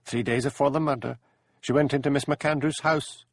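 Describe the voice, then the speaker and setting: Cocky Highland schoolboy with a broad Scottish accent, played by a man, swaggering. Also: fairly even intonation, moderate pace, no room sound, natural voice. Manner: boastful, broad dialect.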